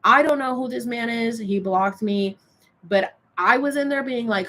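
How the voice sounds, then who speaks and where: A woman's voice: fairly high pitch, normal speed, pushed and bright, slight background noise. A woman on social media telling a story in a casual vlog, rambling with lots of filler words and reading oracle cards aloud. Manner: rambling, filler-heavy retelling.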